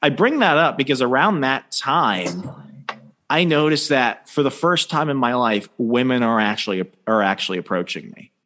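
A man's voice: mid-range voice, sing-song, normal speed, bright, forceful tone. A young man in casual podcast chat, joking crudely and rambling through long anecdotes.

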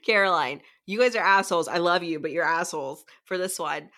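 A young woman co-hosting a podcast, chatty and animated as she recaps a book, swearing freely. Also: on the low side, a little fast. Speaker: podcast co-host. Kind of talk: casual book discussion.

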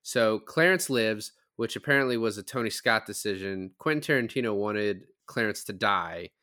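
A man's voice: on the low side, moderate pace. A man hosting a podcast, casually recapping film scenes and acting out quoted lines as he goes. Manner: animated, retells scenes with quoted voices. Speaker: podcast host. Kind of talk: casual film review chat.

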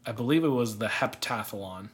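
A man's voice: fairly low pitch, normal speed. Rambling young man telling a story. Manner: rambling, laughs often, trailing off. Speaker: podcast co-host. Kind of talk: casual storytelling chat.

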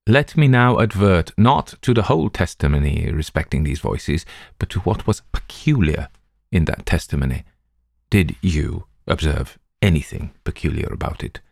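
A methodical, unhurried detective, read by a man with a low, deep voice, laying out his deductions step by step. The sound is dry and close, with no room around it. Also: expressive, vocal fry, dry recording, full character voice. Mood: calm. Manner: measured, deliberate reasoning. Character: calm, methodical male detective reasoning aloud. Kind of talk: audiobook reading.

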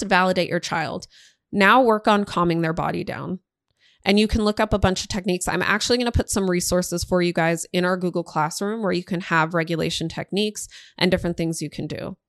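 A woman's voice: lowish voice, no echo, studio quality. A woman in her thirties, a teacher and parent, explaining a method for parents in an earnest way and acting out example dialogue. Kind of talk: recorded lesson for parents.

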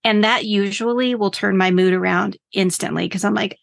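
Woman coach with gravelly voice. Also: mid-range voice, fairly even intonation, normal speed, hardly any pauses, no room sound. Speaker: business coach guest. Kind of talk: casual podcast interview.

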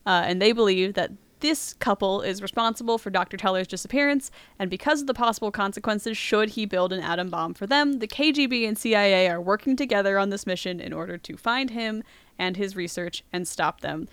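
A woman's voice: medium pitch, a little fast, a bit bright, clean tone, dry recording. A woman hosting a podcast, casually retelling a movie plot in a chatty way, laughing now and then. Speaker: podcast host.

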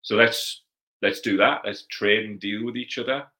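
A man's voice: fairly low pitch, steady tone, moderate pace, pushed and bright, rough recording. A man with a Geordie accent hosting a casual livestream Q&A, chatty and blunt, swearing freely as he reads out viewer comments. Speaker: livestream host.

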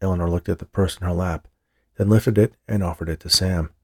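A man reading a novel aloud as an audiobook narrator, in a steady, measured way. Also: deep voice, dry recording, studio quality. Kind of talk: scripted narration.

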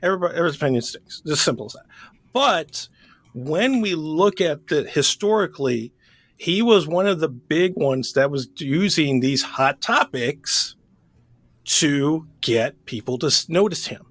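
A man co-hosting a book podcast in relaxed chat. He rambles and corrects himself as he goes, in a somewhat high voice. The recording is dry and close. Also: moderate pace, no echo. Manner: rambling, self-correcting, laughs easily. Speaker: podcast co-host. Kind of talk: casual chat.

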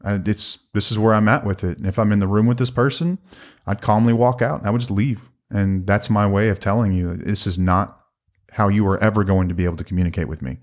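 A middle-aged man co-hosting a casual podcast, talking earnestly and in a measured way, with some playful teasing. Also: on the low side, steady tone, a little mellow. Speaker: podcast co-host.

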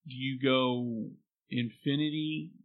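A man's voice: medium pitch, steady tone, slow, no room sound, narrow, tinny audio. A man co-hosting a podcast in casual banter, joking and laughing often. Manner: joking, laughs often, does mock accents. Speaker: podcast co-host.

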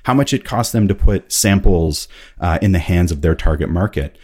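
A man with a very low, deep voice, guesting on a podcast as a consultant. He explains things in a relaxed, self-deprecating way. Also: normal speed, husky. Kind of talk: casual interview chat.

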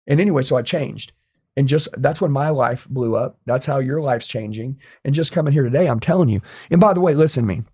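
Fast-talking, blunt motivational man. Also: medium pitch, a little mellow, breathy edge. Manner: intense, blunt and profane. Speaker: guest. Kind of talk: motivational interview talk.

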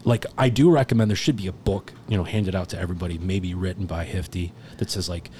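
Telling a rambling, foul-mouthed story with plenty of laughs, the guest is a firefighter in his thirties chatting casually. His low voice moves fast over some background noise.

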